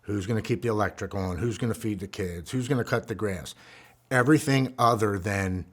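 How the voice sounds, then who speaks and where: A man in his forties telling his own recovery story in an earnest, emotional way, dropping to a hushed voice at the heavy moments. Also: fairly low pitch, brisk. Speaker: guest speaker.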